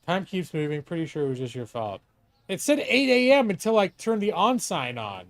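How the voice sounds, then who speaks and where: A man's voice: on the high side, big pitch swings, normal speed, fairly bright tone, dry recording. A middle-aged man streaming a game live, chatting casually with lots of swearing and asides to a co-host. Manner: chatty, profane, talks to himself and a co-host. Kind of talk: live gameplay commentary.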